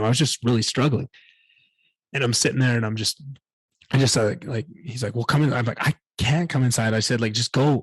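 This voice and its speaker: A man's voice: mid-range voice, slightly rough, no room sound. A man hosting a solo podcast, telling a candid personal story in a rambling way and swearing often. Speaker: podcast host.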